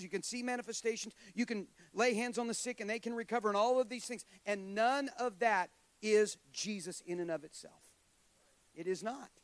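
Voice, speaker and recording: A man's voice: sits high, no echo. A middle-aged man preaching a sermon to a congregation, conversational and joking, with self-deprecating asides. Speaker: guest preacher.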